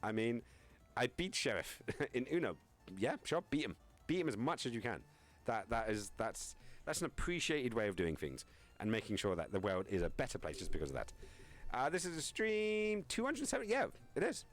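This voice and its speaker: A man's voice: on the low side, sing-song, a little fast, faint music behind. A young man streaming live, chatting casually with viewers, reading chat aloud and joking around. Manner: rambling, joking, reads chat aloud and laughs often.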